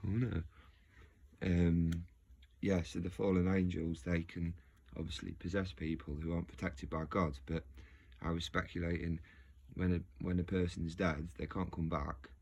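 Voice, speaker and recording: A man's voice: low voice, measured pace, creaky, husky, dull audio. A man musing casually to his video audience, rambling and restarting his sentences. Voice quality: rambling, self-interrupting, frequent restarts. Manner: animated, laughs often. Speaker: video host.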